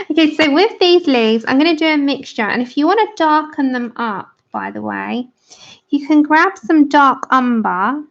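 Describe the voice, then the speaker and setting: A woman's voice: high voice, animated, unhurried, vocal fry. A British woman hosting a livestream, chatting casually with viewers while colouring, laughing often and answering comments. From Britain. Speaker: livestream host. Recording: dull lo-fi stream audio.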